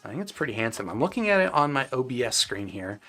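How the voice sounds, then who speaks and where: A man's voice: mid-range voice, big pitch swings, fast, a bit bright, soft background music. A man hosting a live stream, casually answering viewers' chat questions with loose, rambling talk full of fillers and restarts.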